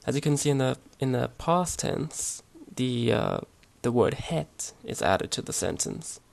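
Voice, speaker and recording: Gravelly-voiced man giving a casual lesson. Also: medium pitch, a little slow. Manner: relaxed, hesitant, many fillers and restarts. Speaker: language teacher. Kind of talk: casual slide-based language lesson.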